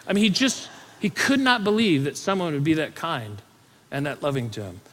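A man preaching a sermon, mixing scripture reading with a conversational, animated personal story. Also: on the high side, moderate pace. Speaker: pastor. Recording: long hall reverb.

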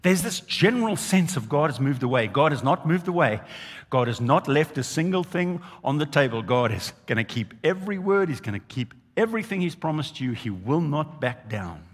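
Male pastor, lively pitch, husky voice, long hall reverb; emphatic sermon delivery. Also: normal speed. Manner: emphatic, animated preaching with repeated phrases.

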